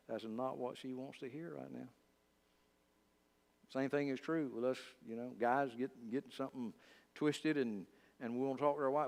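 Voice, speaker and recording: A male pastor teaching a Bible study in a conversational way, speaking straight to his listeners with lively asides. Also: mid-range voice, moderate pace, creaky. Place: church. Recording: long church reverb.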